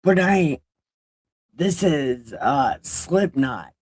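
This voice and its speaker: Slow, joking woman reading scripture. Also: very deep voice, warm tone, no room sound. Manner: jokey, irreverent, swears casually. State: runny nose. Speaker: online Bible reader. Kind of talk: casual livestream scripture reading.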